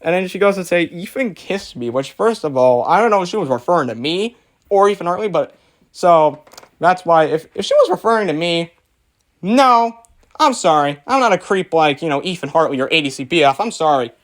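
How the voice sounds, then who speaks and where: A man's voice: fairly high pitch, animated, a little fast. Mocking young man ranting casually. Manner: mocking, rambling, filler-heavy, laughs at own jabs. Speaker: channel host reacting to comments. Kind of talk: casual commentary video.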